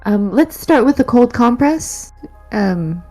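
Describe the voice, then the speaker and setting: A woman with a mellow, mid-pitched voice plays a healer in a tabletop game, calm and gentle. Faint music sits behind her. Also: slow pace. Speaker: player. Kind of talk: in-character tabletop play.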